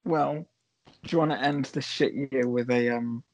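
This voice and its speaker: A man's voice: medium pitch, fairly even intonation, normal speed, a little mellow, slight background noise, rough recording. A man co-hosting a casual comedy chat, dry and exasperated. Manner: exasperated, dry, laughs often. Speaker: podcast co-host.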